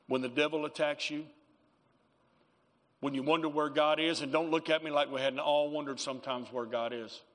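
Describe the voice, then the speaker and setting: A man's voice: fairly high pitch, fairly even intonation, normal speed, a bit bright, long reverb tail. A man preaching a sermon as pastor in a church, emphatic, calling for amens from the congregation. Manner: emphatic preaching with call-and-response.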